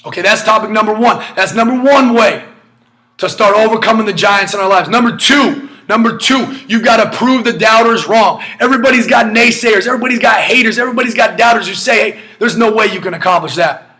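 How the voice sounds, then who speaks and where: Emphatic, bright-voiced male speaker. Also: high voice, brisk. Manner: emphatic, repetitive, often shouting. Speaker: motivational speaker. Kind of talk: energetic motivational sermon.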